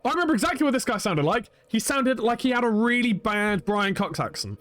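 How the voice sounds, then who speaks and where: A man streaming a video game, chatting in an animated, self-mocking way. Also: very high voice, brisk, hardly any pauses, faint music behind. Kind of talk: live gameplay commentary.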